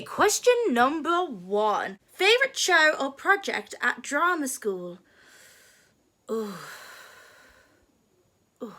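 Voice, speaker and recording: A young woman drama student chats to her camera in a playful, self-mocking way. Her voice is bright and sits a little high, and it swings up and down a lot as she talks. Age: young adult. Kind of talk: casual chat to camera.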